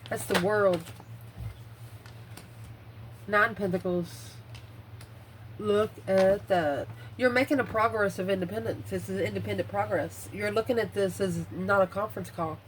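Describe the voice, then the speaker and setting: A woman's voice: mid-range voice, steady tone, a little slow, long pauses, slight background noise, low-quality recording. A woman giving a casual tarot reading, blunt and swearing freely, out of breath as she muses over the cards. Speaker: tarot reader.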